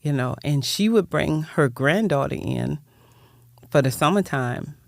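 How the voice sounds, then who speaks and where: Gravelly woman telling her story. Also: low-pitched, lively intonation, measured pace, no room sound, clean studio sound. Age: older. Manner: rambling, heartfelt, repeats words. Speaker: guest, nonprofit founder. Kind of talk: personal storytelling in interview.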